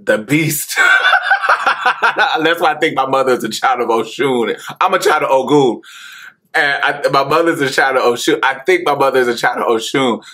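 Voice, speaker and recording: A woman podcast host telling a personal story, animated and profane, laughing often as she talks. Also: rumbling low.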